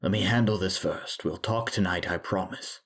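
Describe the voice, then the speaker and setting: A man's voice: low-pitched, moderate pace, breathy edge, exaggerated voice. A man voicing a stern male doctor who runs a group home and barks orders. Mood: firm. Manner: shouting commands.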